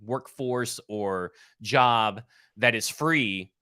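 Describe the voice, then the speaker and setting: A man co-hosting a casual sports talk show, brisk and matter-of-fact as he explains numbers. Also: medium pitch, bright, forceful tone, clear, resonant tone, no echo, studio quality. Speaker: podcast co-host and analyst.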